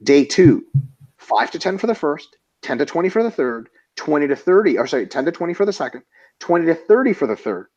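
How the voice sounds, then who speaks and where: A man's voice: on the high side, sing-song, fairly quick, darkish tone, muffled recording. A man co-hosting a casual webinar, answering viewer questions bluntly and swearing freely as he lays out training plans step by step. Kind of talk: casual webinar Q&A, profane and joking.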